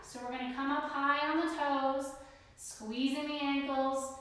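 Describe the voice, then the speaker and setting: Yoga instructor, woman, high voice, unhurried and breathless, far off in an echoey studio. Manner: energetic breath-paced cueing with cheers. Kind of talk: live yoga class cues. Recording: roomy distant studio echo.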